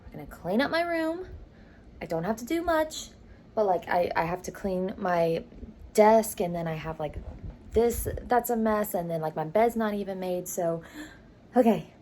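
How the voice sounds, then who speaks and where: A woman's voice: mid-range voice, animated, moderate pace, warm tone, slight background noise. A young woman, chatting casually in a vlog from her car and room, tired and laughing often, with lots of fillers. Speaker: vlogger. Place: in her car, then at home.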